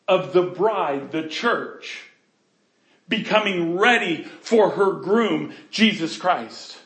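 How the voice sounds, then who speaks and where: A man preaching a sermon, earnest, swinging between loud passages and hushed ones. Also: high-pitched, echoey room. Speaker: pastor.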